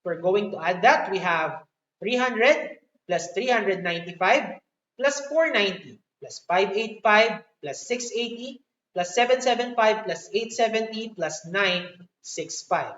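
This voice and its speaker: A woman with a Filipino accent teaching a live online math lesson, slow and encouraging. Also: medium pitch, lively intonation, a bit bright. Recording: echoey room, distant dull mic.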